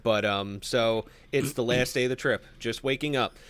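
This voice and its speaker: Bright-voiced man recounting a story. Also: medium pitch, moderate pace, clean tone. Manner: relaxed anecdote telling with fillers, bursts into laughter. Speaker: podcast co-host. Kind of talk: casual chat, storytelling.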